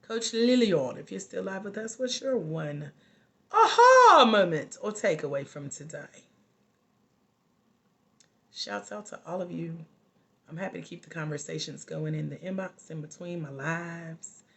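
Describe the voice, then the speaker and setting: A woman's voice: lowish voice, moderate pace, vocal fry. Chatty woman life coach at home. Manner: chatty and animated, often laughing. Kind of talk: casual live-stream chat with viewers.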